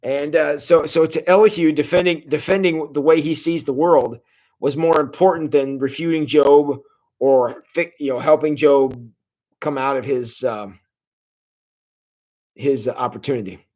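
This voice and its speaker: A man in his forties teaches a Bible study over a livestream in a relaxed, folksy way. His voice sits a bit high for a man, and he keeps it chatty and unpolished, full of small fillers. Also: unhurried. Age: 40s. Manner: folksy, conversational, with frequent filler sounds. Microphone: livestream setup.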